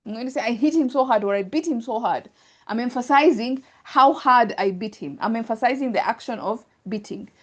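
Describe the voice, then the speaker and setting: A woman's voice: on the high side, a little fast. A woman teaching Arabic grammar in an online class, explaining patiently step by step with examples over a video call.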